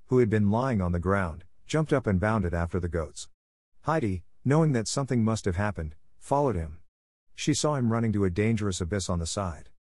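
A man narrating a children's story aloud in a steady storytelling manner. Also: fairly low pitch, no room sound, studio quality. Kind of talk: audiobook reading.

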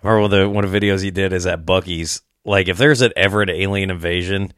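A man's voice: low voice, fairly even intonation, racing, fairly bright tone, smooth, no echo, clean studio sound. Laid-back Midwestern man hosting a podcast. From American Midwest. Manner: laid-back, swears freely, laughs often. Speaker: podcast host. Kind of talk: casual chat.

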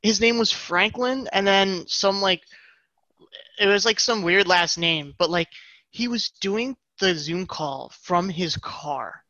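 A young man telling a rambling story on a podcast over a video call, animated and full of quoted voices. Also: high voice, slow, no echo, highs cut off. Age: young adult. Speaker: podcast co-host. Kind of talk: casual storytelling.

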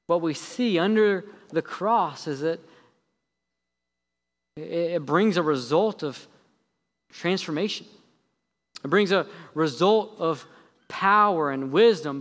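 A male pastor preaching a sermon. He shifts between quick, heavy sarcasm and slow, low emphasis on his key points. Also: fairly bright tone, big-room sound. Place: church sanctuary.

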